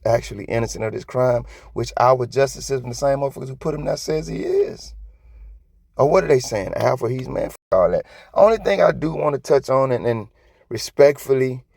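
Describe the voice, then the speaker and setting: Host, male, gravelly low voice, dry close mic, profane, heated reaction commentary. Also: fairly quick, no echo. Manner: profane, emotional, animated rants.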